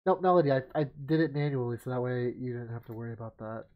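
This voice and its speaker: A man's voice: medium pitch, fast, dull audio. A man streaming a game and commentating live, swearing and venting at the game. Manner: swears a lot, yells in frustration. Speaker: gaming streamer.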